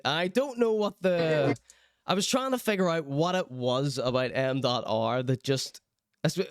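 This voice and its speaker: A young Northern Irish man hosting a stream, with a fairly high, smooth and crisp voice. He reads chat aloud and reacts in a sardonic, mock-outraged tone. The sound is close and dry, with no room echo. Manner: wry, sardonic, mock-indignant. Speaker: streamer and show host. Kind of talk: live-stream commentary, reading out chat.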